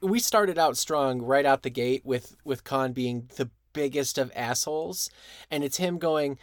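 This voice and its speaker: A man's voice: medium pitch, measured pace, no room sound, clean studio sound. A man co-hosting a podcast, laid-back and jokey, laughing often. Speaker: podcast co-host. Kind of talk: casual chat.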